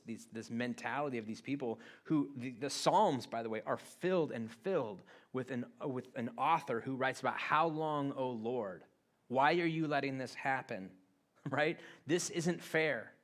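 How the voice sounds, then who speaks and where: A male pastor giving a sermon in a casual, conversational way, as if talking to friends. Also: medium pitch. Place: church auditorium.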